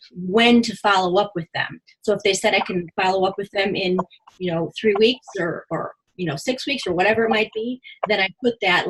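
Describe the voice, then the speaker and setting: Chatty husky-voiced woman sharing tips. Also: medium pitch, rough recording. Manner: quick, chatty, animated, acts out quotes. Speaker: jewelry consultant sharing tips. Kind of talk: casual team meeting chat.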